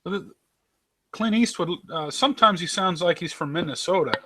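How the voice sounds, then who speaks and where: A man's voice: high voice, fairly quick, noisy background. A man with a Western US accent in a casual group voice chat, laid-back and curious.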